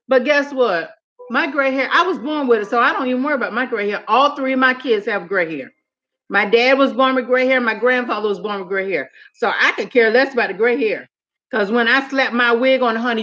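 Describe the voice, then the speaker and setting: A woman's slightly high voice, its highs cut off, comes through a phone camera mic as she chats with her live-stream viewers. Sassy and animated, she laughs often and calls them honey and girl in this casual vlog chat.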